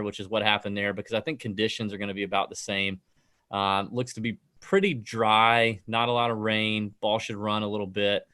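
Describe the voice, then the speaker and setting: A man's voice: lowish voice, fairly bright tone. A man in his thirties co-hosting a casual golf podcast, with a joking, offhand way of talking. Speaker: podcast co-host. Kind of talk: casual fantasy golf chat.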